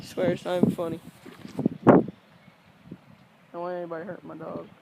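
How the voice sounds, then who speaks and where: A woman's voice: on the low side, completely flat delivery, moderate pace, creaky, heavy background noise. A woman vlogging in her yard, talking bluntly and profanely to dogs in a playful, scolding way. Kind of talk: casual vlog, talking to dogs. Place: outdoor yard at home.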